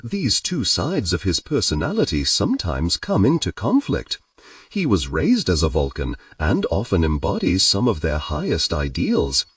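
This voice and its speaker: A man narrating a first-person audiobook romance in a lively, expressive reading style. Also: sits low, normal speed, dry recording, far from the mic.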